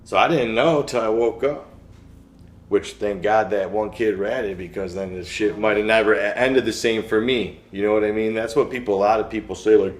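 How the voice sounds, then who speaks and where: A man's voice: on the low side, moderate pace. A young man telling his story in a casual interview, rambling and slangy, acting out what people said to him. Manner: slangy, rambling, acts out quotes. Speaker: interviewee, shooting survivor. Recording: roomy with faint music.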